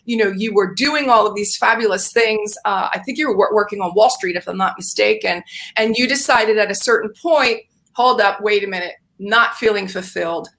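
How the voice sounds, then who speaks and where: A woman hosting an upbeat interview over a video call, talking quickly and laughing often. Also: a little high, a bit bright. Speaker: interview host. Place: friend's house, indoors.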